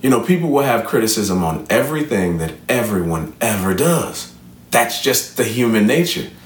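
Earnest low-voiced man giving a motivational talk. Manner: earnest, preacherly. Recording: roomy echo, from a distance.

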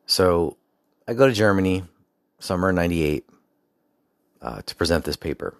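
A gravelly, low-pitched American man in his forties tells a rambling personal story at a normal pace, his intonation lively and full of fillers and digressions. It's a casual storytelling monologue, recorded in studio quality with no echo.

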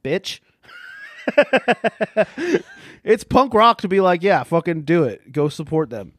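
Brief: male co-host, slightly high voice, profane quick banter, dry sound. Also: sing-song, fairly bright tone, breathy edge, no echo. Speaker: podcast co-host. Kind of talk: casual comedic chat.

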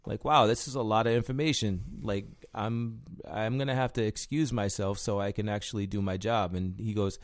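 A man's voice: lowish voice, steady tone, normal speed, hardly any pauses. A man chatting casually, telling rambling stories about bouncing at a bar, full of fillers and swearing. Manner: rambling storyteller, heavy filler words, swears freely. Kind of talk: casual chat.

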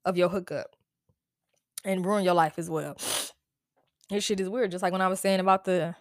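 A woman's voice: mid-range voice, no room sound, clean studio sound. Blunt, exasperated woman podcast host. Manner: blunt, exasperated, profane, with frequent "like" fillers. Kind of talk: casual solo podcast rant.

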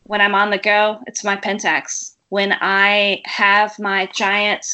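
Bright-voiced woman chatting frankly. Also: medium pitch, completely flat delivery, takes it slowly, smooth. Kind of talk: casual chat.

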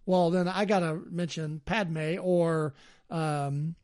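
A man's voice: a little high, steady tone, takes it slowly, a little mellow. A man co-hosting a podcast in casual chat, easygoing and rambling. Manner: easygoing, rambling with fillers and laughs. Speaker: podcast co-host.

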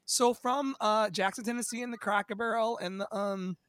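A man in his thirties from Virginia, a singer and podcast guest, telling his life story in a dramatic, animated way and swearing freely. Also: sits high, normal speed, smooth, no echo. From Virginia, USA. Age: 30s. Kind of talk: storytelling interview.

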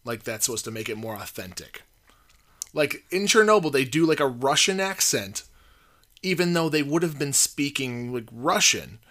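Casual podcast co-host, male, bright voice, mid pitch, rambling with "like" fillers. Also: expressive, moderate pace. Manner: rambling, hesitant, full of "like" fillers. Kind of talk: casual chat.

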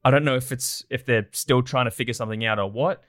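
A man's voice: medium pitch, fairly even intonation, quick pace, a bit bright, dry recording, studio quality. An Australian man chatting enthusiastically as a guest in a casual interview. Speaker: guest, documentary producer.

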